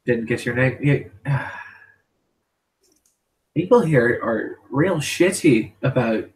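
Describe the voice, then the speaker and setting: A man's voice: medium pitch, animated, slow. A man playing a blunt streetwise dock girl. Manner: blunt, crude, sardonic. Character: blunt streetwise young woman from the docks.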